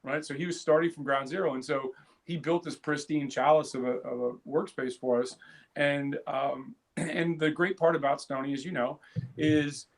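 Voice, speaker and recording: Male co-host, higher-pitched, animated casual storyteller. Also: normal speed. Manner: animated storyteller, laughs loudly, frequent restarts. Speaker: podcast co-host. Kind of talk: casual chat.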